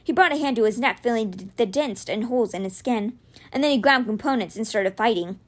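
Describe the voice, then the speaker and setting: A woman reading a children's fantasy novel aloud, narrating expressively. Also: brisk. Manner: expressive, voices dialogue with raised pitch. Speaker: reader.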